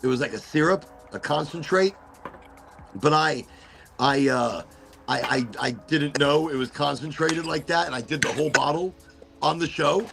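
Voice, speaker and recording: Male podcast host, a bit high-pitched with a gravelly voice, animated storyteller. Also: normal speed, a little hiss or hum. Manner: animated storyteller, acts out quotes. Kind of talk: casual chat.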